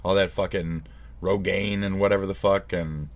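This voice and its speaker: A man livestreaming a profane, sarcastic rant, jumping from loud outbursts to low mumbles. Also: steady tone, moderate pace. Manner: profane, sarcastic, swings between shouting and mumbling. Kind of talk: casual stream rant.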